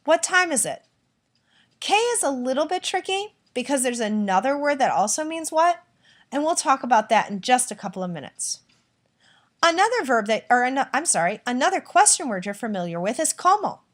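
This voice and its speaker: Woman, teacher, recorded lesson, clear patient explaining, slightly high pitch. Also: sing-song, fairly quick. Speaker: Spanish teacher.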